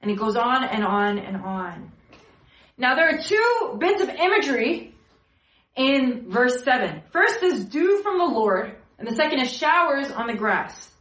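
A woman's voice: sits high, a little slow, echoey room, poor audio. A young woman giving a casual sermon, telling stories animatedly and acting out other people's voices. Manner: animated storytelling with acted-out voices. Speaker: preacher.

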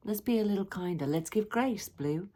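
A woman hosting her own podcast in a casual solo chat, playful and self-teasing, with bursts of animated emphasis. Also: mid-range voice, normal speed. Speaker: podcast host.

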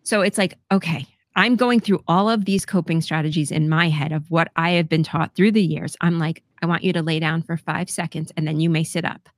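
A woman's voice: deep voice, steady tone, a little fast, few pauses, no room sound, clean studio sound. A middle-aged woman telling a personal story on a podcast in a candid, casual way, swearing freely and laughing often. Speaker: podcast co-host.

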